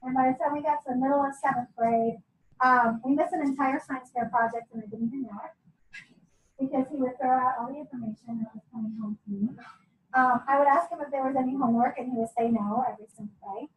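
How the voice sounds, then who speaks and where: A middle-aged woman with a high voice tells her family story to a group in a chatty, candid way, laughing often and turning to the listeners with asides. She stands some way from the mic, and the room gives her voice a clear echo. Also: steady tone, quick pace, a little hiss or hum. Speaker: homeschooling parent sharing her story. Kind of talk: casual talk to a group. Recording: echoey room, mic at a distance.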